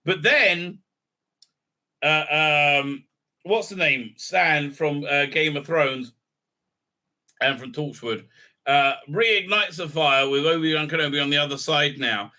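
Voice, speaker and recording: A man's voice: on the high side, takes it slowly, pauses often, pushed and bright. A man reviewing a show in a casual, rambling recap. He hesitates a lot, piles up fillers and keeps an irreverent tone. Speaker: video reviewer.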